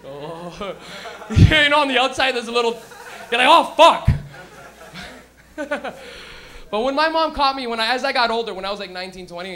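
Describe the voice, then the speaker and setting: A man doing a stand-up set at a live comedy club. He is loud and profane and laughs at his own stories. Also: very high-pitched.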